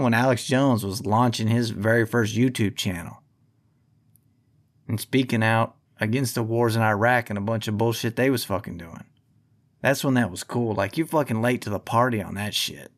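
A man holds forth on his own podcast, swearing freely and pushing back hard in a heated, combative rant. His voice sits at an ordinary middle pitch. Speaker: podcast host. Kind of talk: ranting podcast monologue.

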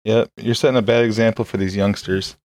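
A man's voice: on the low side, steady tone, a little fast, no room sound. A man co-hosting in casual chat, making joking, crude quips.

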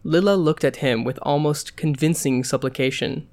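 Podcast host, hesitant and casual, reads a short story aloud at a mid pitch. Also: normal speed, darkish tone. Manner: hesitant, many fillers. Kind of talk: casual chat and story reading.

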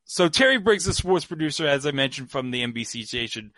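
Chatty male podcast host, bright voice. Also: medium pitch, expressive, brisk, few pauses, no echo. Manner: chatty storyteller, many fillers. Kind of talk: casual chat.

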